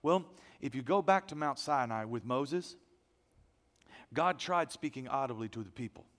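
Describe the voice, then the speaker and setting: A pastor preaching a sermon, animated, moving between loud emphasis and hushed asides. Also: male voice, medium pitch, moderate pace, in a large hall.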